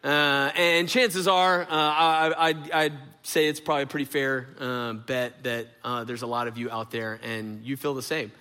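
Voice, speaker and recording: A middle-aged pastor preaches a conversational sermon, telling stories packed with fillers and speaking straight to his congregation. His mid-range voice is bright, forceful and clean, steady in tone, at normal speed with few pauses. A large hall gives it a long reverb.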